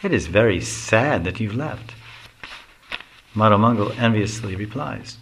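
A man reading a devotional story aloud with a bright, clear voice. He breaks off now and then for casual explaining asides. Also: fairly low pitch, expressive, unhurried, pauses often, slight background noise. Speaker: reader.

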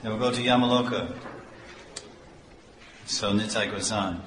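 A man giving a slow scripture class as a preacher, repeating phrases and acting out little dialogues. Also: on the low side, a bit bright, slight background noise. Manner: slow, repetitive, acts out dialogue. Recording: echoey hall with faint ambience.

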